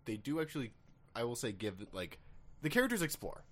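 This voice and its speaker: A man's voice: mid-range voice, a little fast. Rambling young man at a mic. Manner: animated, rambling, swears and laughs often. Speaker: podcast co-host. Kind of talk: casual movie review chat. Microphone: studio microphone.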